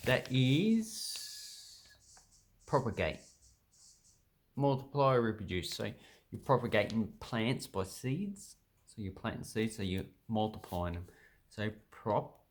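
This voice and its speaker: Halting Australian man explaining words. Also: on the low side, big pitch swings, slight background noise. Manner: halting, many fillers and restarts, thinks aloud. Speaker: language vlogger. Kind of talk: casual explainer, reading from a dictionary.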